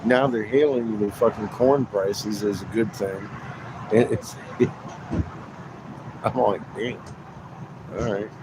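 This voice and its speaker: Low-voiced man ranting, traffic noise behind. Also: steady tone, slow, long pauses. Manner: swears constantly, repeats himself, laughs often. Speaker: livestreamer. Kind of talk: rambling profane rant.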